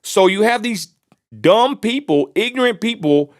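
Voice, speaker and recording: Blunt, scornful man with a higher voice. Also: lively intonation, a little slow. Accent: Texan. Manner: blunt, scornful, rambling with restarts. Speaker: live stream host. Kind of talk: casual political commentary.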